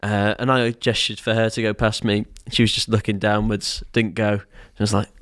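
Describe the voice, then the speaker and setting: A man's voice: on the low side, level tone, normal speed, fairly bright tone, no echo, clean studio sound. A man hosting a casual podcast chat, telling stories and laughing often. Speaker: podcast host.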